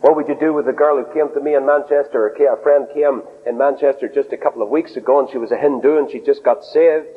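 A man preaching a sermon in an animated way. He swings his pitch up and down, acts out quoted voices and drops in humorous asides. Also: fast talker, few pauses, slightly rough. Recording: dull lo-fi recording in a reverberant hall.

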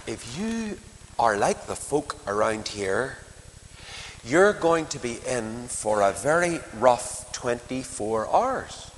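A man's voice: mid-range voice, long reverb tail, a little hiss or hum. A man preaching a sermon, retelling a Bible story dramatically with many questions to the listeners, in a church.

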